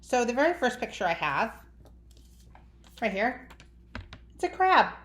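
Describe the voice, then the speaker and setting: A woman teaching young children a phonics lesson in an animated, drawn-out sing-song teacher voice. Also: a little high. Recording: echoey room.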